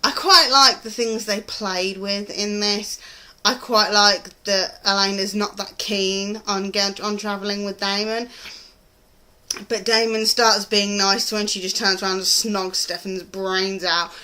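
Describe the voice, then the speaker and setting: A woman's voice: medium pitch, flat delivery, measured pace, sharp tone. A British woman chatting casually in a TV review vlog, rambling and gushing with frequent ums. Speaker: TV review vlogger.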